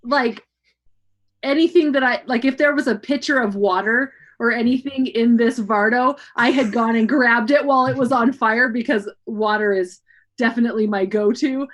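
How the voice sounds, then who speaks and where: A woman playing a tabletop game, chatting in an animated way. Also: a little high, normal speed. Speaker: player. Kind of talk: casual chat at a game table.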